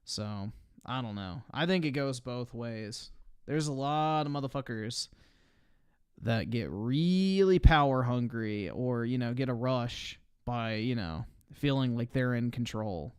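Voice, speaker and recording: A man's voice: mid-range voice, lively intonation, measured pace, a little mellow, smooth, no room sound, studio quality. Blunt, profane man streaming commentary. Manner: blunt, profane, offhand opinions. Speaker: streamer reacting to videos. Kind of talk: casual live-stream commentary.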